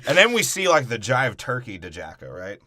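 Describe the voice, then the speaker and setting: A man's voice: mid-range voice, wildly swooping pitch, a little fast, sharp tone, dry recording. A man co-hosting a podcast, joking crudely and profanely through a movie breakdown, often slipping into mocking voices. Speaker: podcast co-host.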